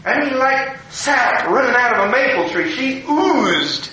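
An older man, a pastor, telling a personal story in a folksy, animated way. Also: very high voice, slow, slight background noise. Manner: folksy, animated storyteller, acting out quoted people. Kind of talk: personal story told to an audience. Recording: very echoey room, faint ambience.

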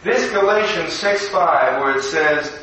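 A man with a high, bright voice preaches a recorded devotional in a conversational, storytelling manner. He is heard from a distance in a strongly echoing room. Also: measured pace, a little hiss or hum. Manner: storytelling, conversational, acts out quotes. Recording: echoey room from far off.

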